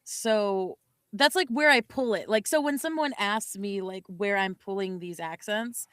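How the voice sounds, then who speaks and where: A woman's voice: mid-range voice, a little slow, fairly bright tone, clean tone, dry recording, studio quality. A young woman co-hosting a podcast, chatting casually in a rambling, giggly way and correcting herself often. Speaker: podcast co-host. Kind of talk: casual chat.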